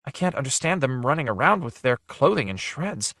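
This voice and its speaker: A man's voice: medium pitch, big pitch swings, fairly quick, sharp tone, dry recording, studio quality, voice pushed up, full character voice. A man reading an audiobook, voicing a refined wealthy woman who talks in an anxious, fluttery way.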